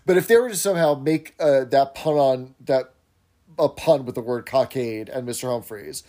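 A man's voice: mid-range voice, moderate pace, mellow. A man co-hosting a podcast, chatting in detail as he recaps a sitcom episode. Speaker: podcast co-host.

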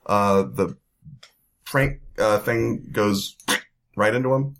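Low-voiced guy running a tabletop game, rambly, lots of ums and sound effects. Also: slow, vocal fry, slight background noise. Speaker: game master.

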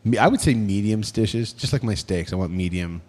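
A man's voice: lowish voice, expressive, a little fast, a little mellow. A man co-hosting a podcast, chatting casually and rambling, often trailing off mid-thought and laughing. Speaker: podcast co-host.

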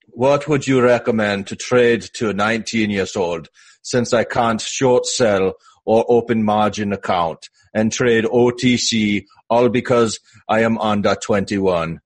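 A gruff Russian-accented man reading out a question in clipped, broken grammar, put on by a man. His voice sits low and husky, and he keeps it deadpan. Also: measured pace. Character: gruff adult Russian-accented male listener.

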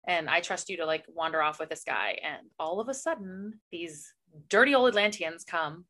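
A woman's voice: lowish voice, expressive, moderate pace, sharp tone. A young woman co-hosting a podcast, retelling a book's plot in casual chat, full of "like" and "you know". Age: young adult. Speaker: podcast co-host.

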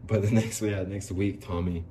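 A man with a very low voice telling a long personal story in loose, casual chat. He rambles, swears freely and acts out what others said. Faint noise sits under the recording. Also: fairly even intonation, normal speed, warm tone.

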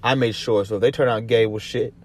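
With slight background noise behind him, this Atlanta man speaks a little fast in a low, slightly mellow voice of fairly even intonation and Southern accent. His commentary vlog is rambling and profane, full of restarts, and he laughs readily.

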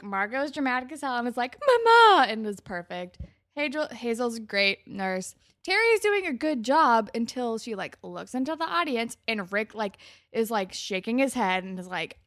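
A young woman co-hosting a casual recap podcast, chatty and animated, acting out characters' lines with big jumps in her voice. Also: a little high, moderate pace, no room sound, clean studio sound. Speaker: podcast co-host.

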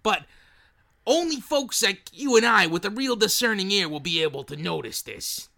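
A man playing a scheming male film producer in a comedy sketch, rambling and halting with lots of fillers. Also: high-pitched, expressive, creaky, sharp tone, heavily acted.

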